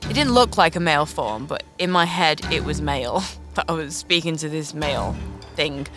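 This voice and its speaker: A woman in her thirties tells a deeply personal story in an earnest, reflective way. Short nervous laughs slip in between her words. Music plays clearly underneath her voice. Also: lively intonation, normal speed. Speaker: podcast host.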